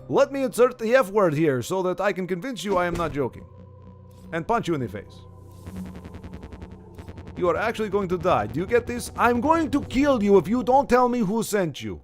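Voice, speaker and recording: A man's voice: sits high, big pitch swings, normal speed, faint music behind. A man voicing a menacing, foul-mouthed gang boss who interrogates and threatens. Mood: threatening. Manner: shouting threats, heavy profanity.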